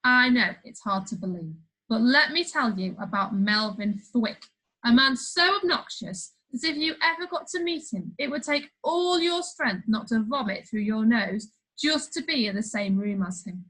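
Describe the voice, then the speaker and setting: A woman's voice: a little high, expressive, normal speed, fairly bright tone, rough recording. A woman reading a funny children's story aloud, playful, with chatty asides to the listener. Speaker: storybook reader.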